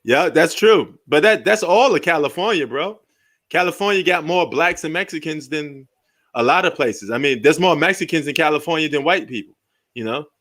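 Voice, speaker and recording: A man's voice: on the high side, expressive, moderate pace, a bit bright. A man, casually commentating a basketball game live, rambling and joking and laughing often. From New York. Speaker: sports live-stream host.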